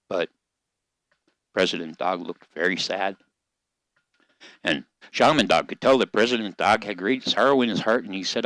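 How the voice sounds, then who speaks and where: An older man telling a story aloud in a slow, gentle, measured way. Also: fairly low pitch, no room sound, low-quality recording.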